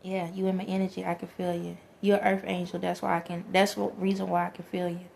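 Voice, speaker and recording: Woman, gravelly, rambling, casual spiritual monologue, faint background noise. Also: on the low side, level tone, quick pace, darkish tone. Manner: rambling, laughs often, talks to unseen presences.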